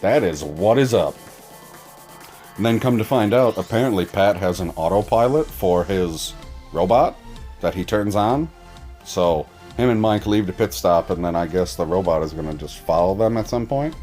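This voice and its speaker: A man's voice: deep voice, moderate pace, a little mellow, faint music behind. A man giving a casual, profane and mocking recap of a TV episode as a reaction reviewer.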